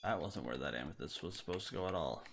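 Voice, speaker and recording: A man's voice: low-pitched, expressive, fast, vocal fry, fairly bright tone, a little hiss or hum. A man streaming a game, chatting casually and thinking aloud in a matter-of-fact way. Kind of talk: casual gaming chat. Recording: game music under voice. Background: game music.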